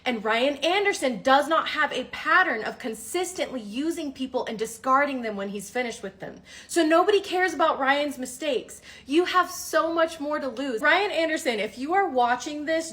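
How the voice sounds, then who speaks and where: A woman's voice: high-pitched, fairly bright tone. A woman giving pointed gossip commentary, addressing people directly. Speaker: commentary vlogger. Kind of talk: casual commentary.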